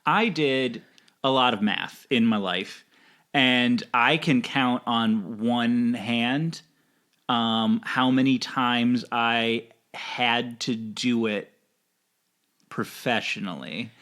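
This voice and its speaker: Brief: slow-talking co-host, halting, agreeable, mid-pitched. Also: fairly even intonation, a bit bright. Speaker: podcast co-host. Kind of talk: casual podcast chat.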